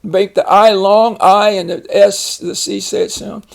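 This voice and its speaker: A man giving a phonics lesson at his computer, reading out each word slowly and explaining it with an example sentence. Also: sits high, steady tone, vocal fry. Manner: deliberate, stretches out each target word, then explains. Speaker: reading teacher. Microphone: computer voice-over over a screen recording.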